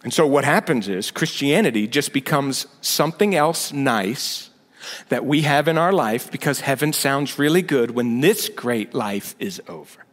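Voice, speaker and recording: A man's voice: mid-range voice, expressive, a little slow. A male senior pastor giving a conversational sermon with sarcastic asides, building to emphatic points. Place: church sanctuary. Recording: long reverb of a big hall.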